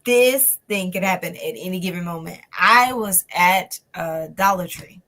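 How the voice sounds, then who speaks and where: Woman, guest, storytelling, animated, plays out the others' lines. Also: lowish voice, unhurried. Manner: animated, acts out the people in her story. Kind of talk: storytelling in a conversation.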